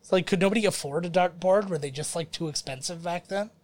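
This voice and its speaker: A young man with a slightly high voice chats casually about an old film. He rambles and jokes, and now and then drops into a quick impression as he co-hosts the podcast. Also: darkish tone. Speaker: podcast co-host. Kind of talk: casual movie commentary chat.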